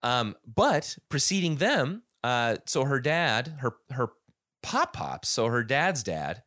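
A man's voice: medium pitch, very animated, slow, bright, forceful tone, dry recording. Guy hosting a music podcast, rambles and restarts a lot, dead dry mic. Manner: rambling, many restarts and fillers. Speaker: podcast host. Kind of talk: casual music chat.

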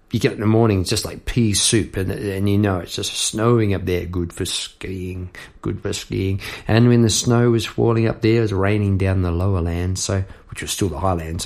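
A middle-aged man talks over his songwriting in a loose, rambling way, full of fillers and asides. His voice sits low with a rough, gravelly fry. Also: darkish tone. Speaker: podcast host and songwriter. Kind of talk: reflective casual talk.

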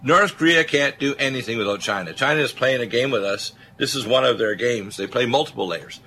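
A man's voice: mid-range voice, fairly quick, few pauses, bright, forceful tone, breathy edge. A man hosting a talk radio show, speaking emphatically and rambling with many filler uhs.

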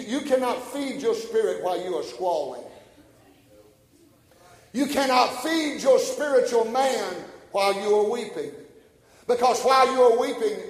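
A man preaching a sermon, swinging from quiet storytelling to shouted, passionate bursts. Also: sits high, echoey room, big-room sound, low-quality recording.

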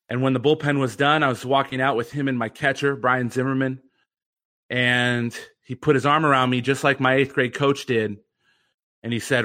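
A man's voice: medium pitch, steady tone, moderate pace, sharp tone. A young man telling an earnest, reflective story as a podcast guest. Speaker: guest, former pitcher and mental conditioning coach.

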